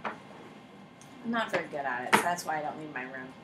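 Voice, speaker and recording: A woman's voice: deep voice, lively intonation, moderate pace. A woman teacher giving a casual, joking classroom lecture and often saying "like". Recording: roomy classroom echo with faint noise.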